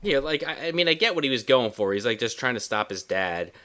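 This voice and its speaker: A man co-hosting a casual movie recap, mock-quoting the characters with a lively delivery. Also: medium pitch, a little fast. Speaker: podcast co-host.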